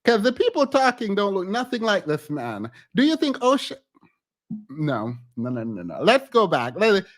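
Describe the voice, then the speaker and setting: Male gossip vlogger: high, swooping voice, unhurried, giggly, keeps trailing off and restarting. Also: huge pitch swings. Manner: giggly, hesitant, often breaks off and restarts. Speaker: YouTube commentator. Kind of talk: casual celebrity gossip commentary.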